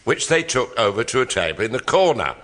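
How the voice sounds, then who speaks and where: A man's voice: medium pitch, very animated, fairly quick, fairly bright tone. A man on a comedy panel improvising a story in a dry, matter-of-fact way. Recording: live radio recording with audience laughter.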